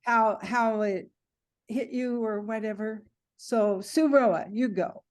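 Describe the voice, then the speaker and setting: A woman teaching a writing class over a video call, casual and halting as she leads the discussion. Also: a little high.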